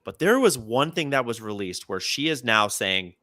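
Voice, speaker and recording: A man co-hosting a casual comedy podcast with a bright, forceful voice that swings all over the place. He tells comic news stories and acts out quotes in a lively, animated way. The sound is close and dry. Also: medium pitch, moderate pace, hardly any pauses, no echo. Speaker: podcast co-host.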